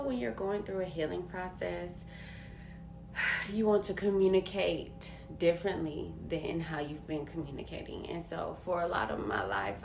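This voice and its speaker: Slow-talking woman in an echoey room. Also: fairly low pitch, gravelly. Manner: candid and slangy, drops to near whispers and rises to laughing emphasis. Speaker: vlogger sharing a personal story. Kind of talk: casual personal storytelling. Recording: roomy with faint background hiss.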